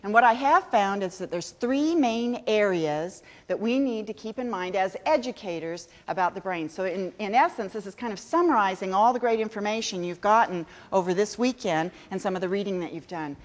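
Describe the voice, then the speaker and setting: A woman's voice: mid-range voice, animated, normal speed, hardly any pauses. A middle-aged woman giving a chatty, self-mocking conference talk to teachers. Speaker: education speaker. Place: large conference hall. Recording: long hall reverb.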